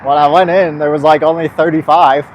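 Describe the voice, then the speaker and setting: A man's voice: fairly high pitch, level tone, fairly quick, highs cut off, a little hiss or hum. Young man with a sore, slurring mouth. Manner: rambling, swearing, laughing at himself. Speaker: vlogger. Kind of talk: casual vlog chat.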